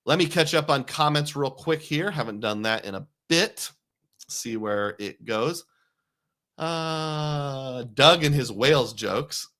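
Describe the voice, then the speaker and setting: Guy running a livestream, bright voice, just chatting casually and thinking out loud. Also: medium pitch, animated, takes it slowly. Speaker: host. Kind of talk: live-stream commentary.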